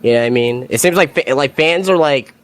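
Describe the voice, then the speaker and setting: A man in casual wrestling chat, halting and full of "like" and "you know". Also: medium pitch.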